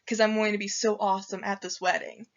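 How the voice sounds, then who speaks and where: A woman's voice: mid-range voice, quick pace, natural voice. A woman voicing a cocky male fox who brags in casual slang, as a storyteller's quoted character, recorded with a dull lo-fi sound. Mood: boastful. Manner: boastful, excited slang. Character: laid-back slangy male fox, cocky party animal.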